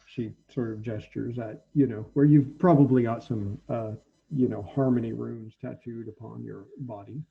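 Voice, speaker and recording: A man narrating as the game master of a tabletop role-playing game, halting and full of ums as he describes the scene. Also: medium pitch, fairly even intonation, gravelly, narrow, tinny audio, slight background noise.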